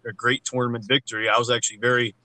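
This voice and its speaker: A man's voice: medium pitch, little pitch movement, rapid-fire, a crowd in the background, rough recording. A man co-hosting a casual sports podcast, ranting bluntly about college basketball and swearing freely. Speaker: podcast co-host.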